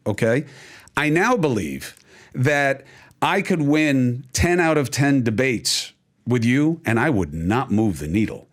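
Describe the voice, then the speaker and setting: A middle-aged man talking candidly as a podcast guest, emphatic, with fast bursts and slow, stressed points. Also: mid-range voice.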